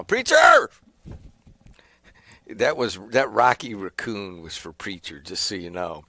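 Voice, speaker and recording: A man's voice: low voice, fairly bright tone, no echo. A middle-aged man, a radio station owner and host rambling casually on air from a small studio. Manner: rambling, conversational storytelling. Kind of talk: casual talk radio chat.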